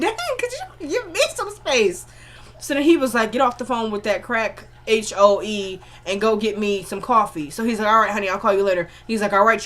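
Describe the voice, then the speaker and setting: A woman's voice: medium pitch, a bit bright. A woman giving a casual spoken recap of a TV episode, acting out the characters' lines in quotes and adding asides to her viewers. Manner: chatty retelling that acts out the characters' dialogue in quotes; frequent filler "like" and running asides to viewers.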